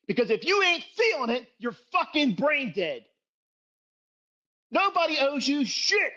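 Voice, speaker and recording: A man's voice: very high voice, sing-song, a little slow, bright, forceful tone, muffled recording. Profane, scolding middle-aged man. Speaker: trading educator. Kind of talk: livestream rant.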